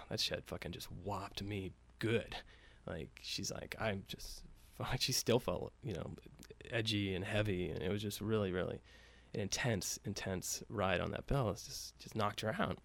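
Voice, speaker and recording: A man's voice: lowish voice, gravelly. A man telling a story casually, with loose profane talk and many fillers, acting out the quoted lines lightly.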